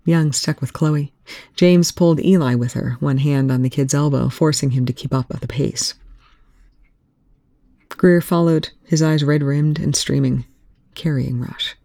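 A reader narrates fan fiction aloud in a steady, even way. The voice sits in a middle pitch with a gravelly edge, recorded close and dry. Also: a little slow, no room sound. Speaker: audiobook reader.

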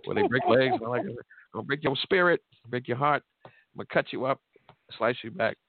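A man's voice: medium pitch, fast talker. A middle-aged man, hosting a call-in radio show with boastful, joking trash talk and frequent laughter. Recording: tinny phone-like audio.

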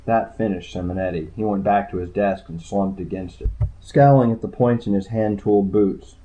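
A man's voice: deep voice, normal speed, mellow, a little hiss or hum, rough recording. A man narrating a first-person audiobook in a dry, understated way.

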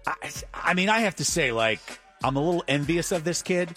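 A man's voice: a little high, brisk, faint music behind. A man co-hosting a radio talk show, teasing his co-host and reacting with disbelief. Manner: animated, teasing and incredulous. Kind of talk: casual radio banter. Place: radio studio.

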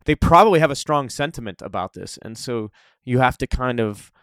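A man telling stories in a casual conversation, animated and often laughing. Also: medium pitch, a little fast, clear, resonant tone, no echo, studio quality. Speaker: interview guest.

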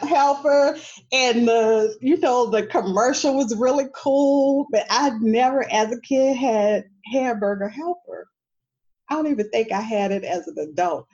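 A woman's voice: low-pitched, a little mellow, lo-fi sound. A middle-aged woman from New Orleans, an educator speaking on a panel in a conversational way, often tossing in "you know" and "right?". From New Orleans, USA. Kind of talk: panel discussion.

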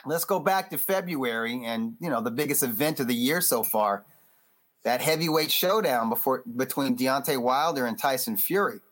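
Brief: man, mid-pitched voice, podcast guest, loose and animated chat with lots of restarts. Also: normal speed. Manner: animated, loose, acts out quotes; frequent restarts and fillers. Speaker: boxing magazine editor, podcast guest. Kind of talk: casual interview chat.

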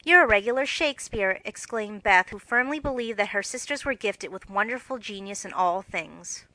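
A woman reads a classic novel aloud in an expressive, measured way. Her voice is bright and forward, recorded close and dry with no room sound. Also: mid-range voice, no echo, low-quality recording. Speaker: audiobook reader. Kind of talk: audiobook narration.

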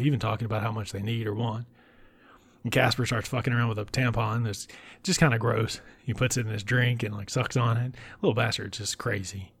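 A man giving a casual recap of a film, talking bluntly with profanity and dropping into breathy whispered asides. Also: fairly low pitch. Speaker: film reviewer.

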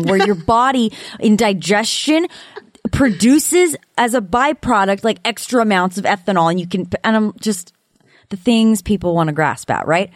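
A woman's voice: medium pitch, normal speed, no echo. Emphatic woman podcaster acting out quotes. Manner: animated, emphatic, acts out what people said. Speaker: podcast co-host. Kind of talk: casual true-crime discussion.

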